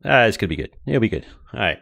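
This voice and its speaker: A man's voice: on the low side, sing-song, very fast, creaky, a bit bright, dry recording. A man streaming a space game, thinking aloud, chuckling often and chatting with his viewers. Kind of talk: casual live-stream chat while building in a game.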